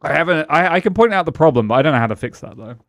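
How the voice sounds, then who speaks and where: A man's voice: a little high, animated, racing, a bit bright, no room sound. Rambling British man, dry close sound. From Britain. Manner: rambling, musing, chuckles between thoughts, restarts sentences. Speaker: streamer. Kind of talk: casual gaming-stream chat.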